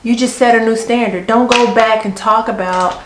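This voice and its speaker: A woman's voice: on the high side, steady tone, moderate pace. A middle-aged woman who is an Army senior NCO, telling stories in a casual, firm way while doing her makeup. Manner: firm, storytelling, chatty. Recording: echoey room.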